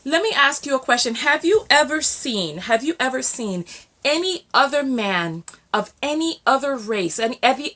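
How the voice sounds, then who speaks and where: A woman from the United States giving sassy, animated reaction commentary as a relationship vlogger. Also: a little high. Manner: sassy, animated, exclaiming and questioning.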